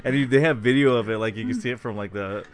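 A man's voice: medium pitch, quick pace. A man co-hosting a podcast, recounting a news story in rambling casual talk with repeated words and chuckles. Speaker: podcast co-host.

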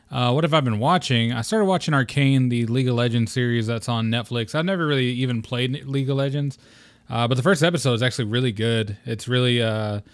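A man's voice: medium pitch, dry recording. A young man hosting his own gaming podcast solo, talking in a rambling, laid-back way and swearing casually. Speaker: podcast host.

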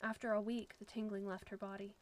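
A woman narrating a suspenseful story in a steady storytelling manner. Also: medium pitch, a little fast, rough recording.

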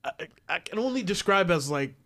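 A man co-hosting a casual podcast chat, animated and laughing, acting out scenes from a show. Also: high voice, brisk. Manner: animated, laughs often, acts out lines from the show. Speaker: podcast co-host.

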